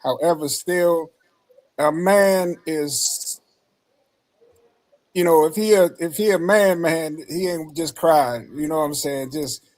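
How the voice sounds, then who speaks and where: A man's voice: on the high side, takes it slowly, a little mellow, rough recording. A man talking casually in a panel discussion, laid-back and slangy, often checking in with the listener. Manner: laid-back, slangy, repeats "you know what I'm saying". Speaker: panel guest.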